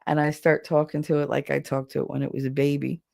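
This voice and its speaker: A woman with a naturally deep voice hosting a livestream podcast, chatting casually with her viewers and telling stories in an animated way. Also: quick pace, creaky. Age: adult with children. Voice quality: low deep voice. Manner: chatty, animated storytelling, laughs often. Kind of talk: casual livestream chat reading the chat.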